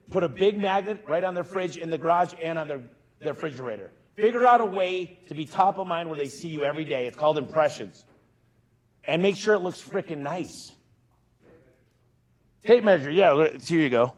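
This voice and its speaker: Energetic businessman on stage, mid-life, higher-pitched and forceful in delivery. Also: normal speed, rough recording. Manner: punchy, emphatic, talks straight to the crowd. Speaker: keynote speaker. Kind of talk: energetic conference keynote. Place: conference stage.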